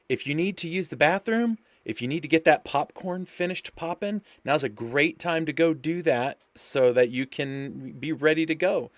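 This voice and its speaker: A man's voice: medium pitch, fairly bright tone, dry recording. A man hosting a live sim-racing stream, chatty and loose with lots of fillers, hyped up and talking to his viewers. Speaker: race host and commentator. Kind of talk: live-stream race commentary.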